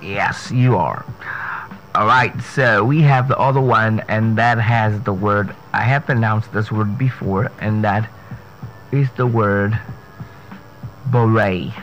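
A man hosting a radio pronunciation lesson, spelling words out letter by letter and repeating each one slowly and carefully. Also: fairly low pitch, fairly bright tone, dull audio, slight background noise.

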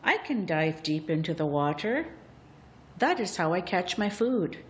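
A woman's voice: on the low side, very animated, measured pace. A woman voicing a male loon, an eager diver, in an earnest storybook reading.

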